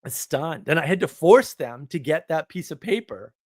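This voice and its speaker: A man, telling a story on a live stream in an animated, indignant way. He laughs often and repeats words. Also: fairly high pitch, normal speed, no room sound. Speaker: podcast host.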